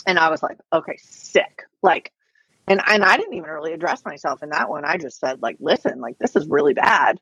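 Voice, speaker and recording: A low, husky voice that's a bit bright, expressive and brisk belongs to this podcast guest, an online reseller. In casual interview chat she tells her story, filling it with "like" and "um," over dull, lo-fi, dry podcast audio.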